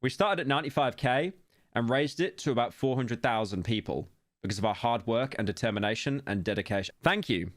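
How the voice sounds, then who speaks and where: A young British man reads internet posts aloud on a stream and mocks them with dry, wry asides. His voice sits at an ordinary pitch for a man. The sound is close and dry, with no room echo. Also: brisk. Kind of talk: casual reaction commentary.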